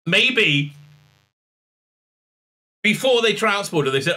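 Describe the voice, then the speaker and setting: A man hosting a sarcastic episode recap, mocking and exasperated, full of halting fillers. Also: high voice, expressive, pushed and bright. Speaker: show host reviewing a TV episode.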